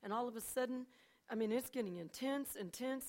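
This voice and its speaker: An older woman shares her faith story in a fairly high voice. She tells it in an animated way, dropping to hushed asides and then rising loud at the big moments. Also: a little fast. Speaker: church speaker. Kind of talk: personal testimony.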